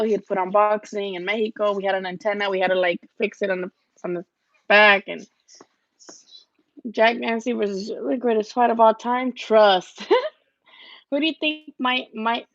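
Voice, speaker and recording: A woman's voice: medium pitch, dry recording. A woman hosting a casual boxing livestream at home, chatting bluntly, swearing now and then, and answering viewer comments. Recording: dull lo-fi home livestream audio.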